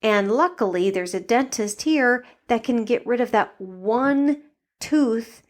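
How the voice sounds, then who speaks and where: A woman's voice: fairly high pitch, lively intonation, slow pace. A young adult woman co-hosting a podcast in casual chat, blunt and incredulous, swearing freely. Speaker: podcast co-host.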